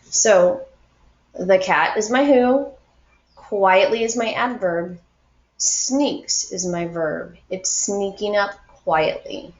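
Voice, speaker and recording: A woman teacher giving a recorded grammar lesson to young students, explaining slowly and patiently, with encouragement. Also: mid-range voice, roomy sound, lo-fi sound.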